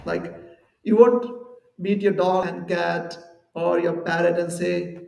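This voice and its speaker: A man delivers a conversational devotional lecture with a high, gravelly voice. He explains ideas through everyday examples and little acted-out quotes. He is heard from some distance in an echoey temple hall. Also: little pitch movement, unhurried, a little mellow, a little hiss or hum. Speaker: temple speaker.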